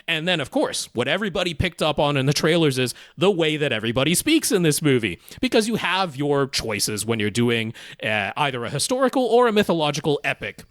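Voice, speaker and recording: Man, podcast co-host, casual film review, lively swooping delivery, slightly high voice, dry close mic. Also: brisk, few pauses, no echo. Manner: animated, talkative, frequent filler restarts.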